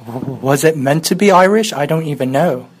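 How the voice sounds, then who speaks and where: A man's voice: fairly high pitch, animated, normal speed, husky, rough recording. A man co-hosting a music countdown podcast in casual chat, making dry, teasing jokes. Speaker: podcast co-host.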